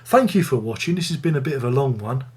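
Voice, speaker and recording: A man's voice: mid-range voice, animated, quick pace, darkish tone, slightly rough. A man hosting a casual music review video, rambling and joking at his own expense. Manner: rambling, jokey, self-mocking.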